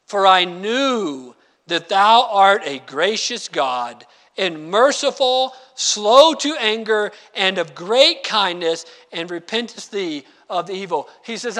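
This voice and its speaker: A man preaching a sermon, animated, acting out quoted lines and reading scripture slowly. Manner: animated, acts out quoted lines with sudden pitch jumps; reads scripture slowly and deliberately. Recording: long hall reverb.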